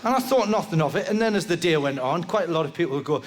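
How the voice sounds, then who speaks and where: A man's voice: fairly high pitch, rapid-fire, big-room sound. A male stand-up comedian telling a rambling story live on stage, tagging lines with "right?". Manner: rambling, animated storytelling with constant "right?" tags. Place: live comedy venue with audience. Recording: live venue with background noise.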